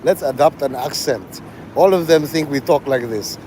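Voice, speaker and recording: Man, rambling live-stream host, profane, slightly high voice, loud traffic noise behind. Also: very animated, slow, pauses often. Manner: rambling, profane, jumps between topics. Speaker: livestream host.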